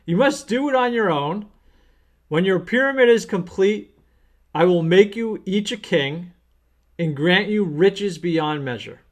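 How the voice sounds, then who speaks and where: A man voicing a commanding ancient pharaoh who hands down royal decrees, in a raised, louder voice. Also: high voice, animated, measured pace.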